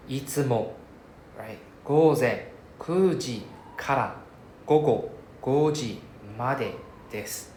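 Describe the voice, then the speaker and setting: A man with a Singaporean English accent teaching Japanese to a class, explaining patiently and often checking with "right?". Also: mid-range voice. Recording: echoey classroom, faint noise.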